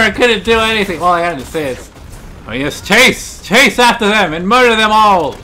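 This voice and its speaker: A young man recording excitable, swear-filled let's play commentary, yelping and grumbling at the game over its gunfire. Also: high-pitched, normal speed, a little hiss or hum. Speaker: gaming YouTuber. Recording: gameplay gunfire behind the voice. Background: gunfire and explosions from the game.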